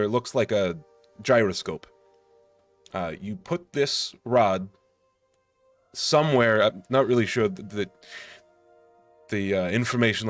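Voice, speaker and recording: A man's voice: lowish voice, no room sound. A man voicing an evasive male mission handler who halts and dodges questions while briefing a crew in a tabletop game.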